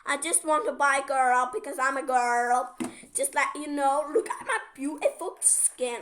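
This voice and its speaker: High bright-voiced girl whining over gameplay. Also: fairly even intonation, a little slow, slight background noise. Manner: playful, whiny complaints at the game. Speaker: gameplay video host. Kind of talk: casual gameplay commentary.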